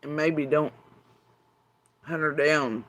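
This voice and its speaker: A woman with a deep voice and an Appalachian accent, ranting to camera in a profane, sarcastic monologue. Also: steady tone, slow pace, a bit bright. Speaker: vlogger.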